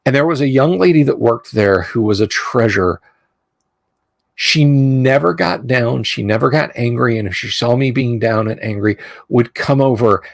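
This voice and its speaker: A man's voice: medium pitch, vocal fry, no room sound. A middle-aged man hosting a show, reading a game rulebook aloud and drifting into rambling, self-interrupting asides. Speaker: host.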